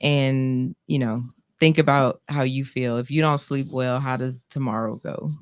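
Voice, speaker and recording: Smooth-voiced woman guest on talk radio. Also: very deep voice, fairly even intonation, unhurried, no room sound, clean studio sound. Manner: casual, explanatory, talks to listeners directly. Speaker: guest counselor. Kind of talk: radio talk show conversation.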